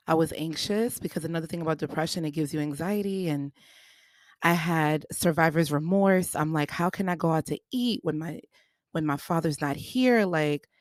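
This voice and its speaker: A woman's voice: lowish voice, no echo, clean studio sound. A young adult woman hosting a podcast, candidly telling a personal story in a conversational way and acting out what others said. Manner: candid, conversational, acts out quoted voices. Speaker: podcast host.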